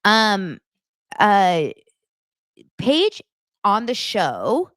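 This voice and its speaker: A woman's voice: mid-range voice, sing-song, extremely slow, a bit bright, dry recording. A young woman hosting a podcast, chatting casually and retelling reality-show scenes with lots of fillers. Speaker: podcast host. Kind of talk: casual pop-culture chat.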